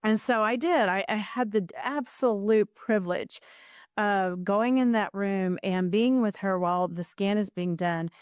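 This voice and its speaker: A woman's voice: mid-range voice, measured pace, clean tone, dry recording, clean studio sound. Earnest middle-aged woman telling a story. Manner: earnest, emotional, restarts often. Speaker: guest. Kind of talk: storytelling in a podcast interview.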